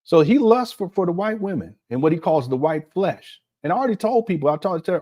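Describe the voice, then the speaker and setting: An older man giving casual reaction commentary as a channel host, animated and mocking, often breaking into laughter. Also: high-pitched, normal speed.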